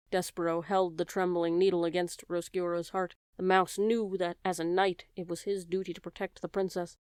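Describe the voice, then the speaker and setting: A woman narrating a children's audiobook in a measured, expressive storytelling manner. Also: lowish voice, clear, resonant tone, no room sound, studio quality.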